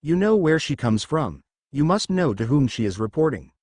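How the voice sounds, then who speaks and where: A man's voice: fairly high pitch, sing-song, normal speed, a little mellow, no room sound, clean studio sound. A man voicing a stern, fiery young witch in a read-aloud story, scolding and commanding.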